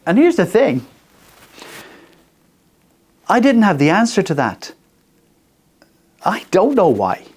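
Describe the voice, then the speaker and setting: A man's voice: sits high, huge pitch swings, slow pace, long pauses, darkish tone, breathy edge. A man in his sixties hosting a radio faith talk, earnest and personal, speaking in short repeated phrases. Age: 60s. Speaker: radio host. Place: radio studio.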